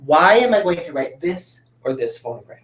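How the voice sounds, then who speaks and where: A man's voice: fairly high pitch, very animated, moderate pace, fairly bright tone. Patient male teacher in roomy echo. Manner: patient, coaxing, with tag questions. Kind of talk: phonics lesson for children.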